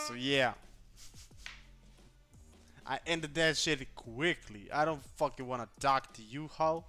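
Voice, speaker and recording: A man tells a story in a loose, profane vlog rant, full of slang and swearing. His voice sits a bit high and sounds bright and crisp, with faint music in the background. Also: unhurried. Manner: profane, animated, vents with slang. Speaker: vlogger.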